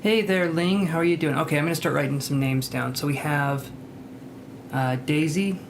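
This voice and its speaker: A man's voice: fairly high pitch, moderate pace, gravelly, noisy background. A man hosting a live tarot reading stream, chatting casually, greeting viewers by name and joking about himself.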